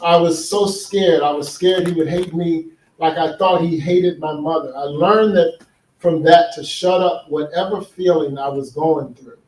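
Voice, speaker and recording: A man's voice: on the high side, fairly even intonation, a little slow, darkish tone, a little hiss or hum. A man giving an earnest conference talk, telling stories and asking the audience questions. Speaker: speaker. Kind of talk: conference talk on men's healing. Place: large hall with an audience. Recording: echoey hall, speaker far from mic.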